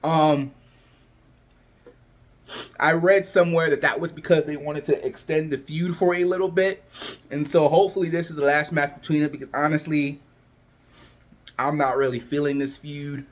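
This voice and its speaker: A man's voice: fairly high pitch, fairly even intonation, a little fast. A man vlogging his predictions in a loose, chatty way, full of fillers and restarts, his voice cracking a little. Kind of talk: casual chat to camera.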